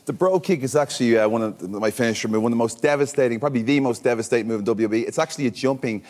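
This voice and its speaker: Joking wrestler guest. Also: male voice, medium pitch, very fast, a little mellow. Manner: bold, joking, calls people fella. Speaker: talk show guest, wrestler. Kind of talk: talk show banter. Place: television studio.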